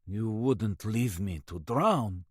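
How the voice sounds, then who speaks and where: A man voicing a cunning Russian who speaks calmly and softly, in a slightly lower, quieter tone than his narration. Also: takes it slowly, no room sound, clean studio sound. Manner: calm, soft-spoken.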